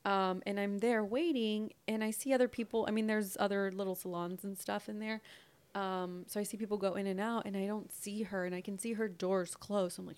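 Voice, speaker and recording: Animated young woman telling a story. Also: medium pitch, a little fast. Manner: animated storytelling, acting out both sides of a conversation. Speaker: podcast co-host. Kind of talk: casual chat.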